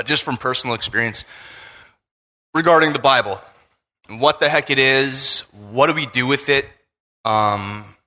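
A man preaching a casual, animated sermon, telling a personal story. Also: mid-range voice. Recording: long reverb of a large room.

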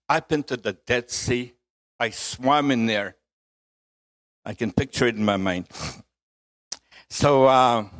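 Slow-speaking joking male preacher. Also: medium pitch, a bit bright. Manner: joking, chuckles often, slow measured reading. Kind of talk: sermon with humor and scripture reading.

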